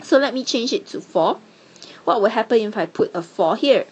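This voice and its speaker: Lady chem teacher, kinda raspy voice, patient step by step explaining. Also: fairly high pitch, lively intonation, moderate pace, a little mellow. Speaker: chemistry teacher. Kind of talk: classroom lesson.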